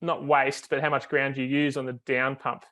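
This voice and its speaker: A man's voice: mid-range voice, little pitch movement, normal speed, pushed and bright. A man, a foiling coach, explains technique on a video call, step by step, with many fillers and restarts.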